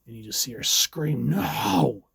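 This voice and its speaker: A man's voice: medium pitch, moderate pace. A man casually reviewing a comic book, chatty and a bit rambling as he recaps the pages.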